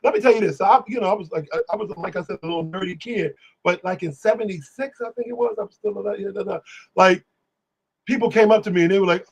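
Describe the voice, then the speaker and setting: A man guest, telling animated stories in casual talk, singing bits of lyrics and acting out voices. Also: sits high, quick pace, vocal fry, husky, poor audio. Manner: animated, exclamatory, sings lyrics and acts out voices. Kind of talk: casual storytelling on a live stream.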